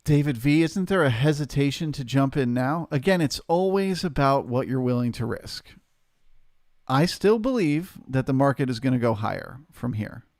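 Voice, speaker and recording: A man hosting a live trading stream, calmly explaining his reasoning and answering questions from the chat. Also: mid-range voice, normal speed, dry recording, clean studio sound. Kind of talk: live market commentary.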